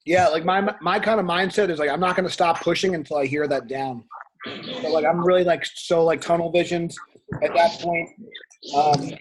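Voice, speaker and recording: A man coaching a powerlifter through a meet in a calm, reassuring way, and interviewing a fellow lifter. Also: normal speed. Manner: calm, reassuring, low-key.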